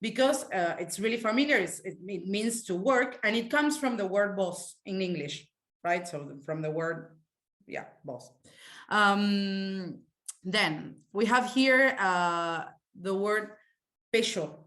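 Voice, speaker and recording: A woman teaching a live online language class, explaining slang in a relaxed, halting way. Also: mid-range voice. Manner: relaxed, explanatory, hesitant with fillers. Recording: echoey room.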